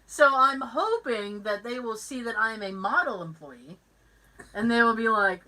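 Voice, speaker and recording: This podcast host chats casually and turns her anecdotes into performances, doing the voice of each person involved. Her voice runs on the high side at normal speed, and the audio is poor.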